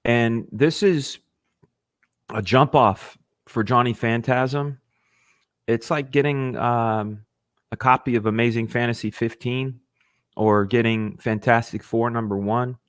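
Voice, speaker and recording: A man hosting a casual livestream, talking with eager enthusiasm and halting restarts, sometimes with his mouth full. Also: medium pitch, fairly even intonation, dry recording, clean studio sound. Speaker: livestream host.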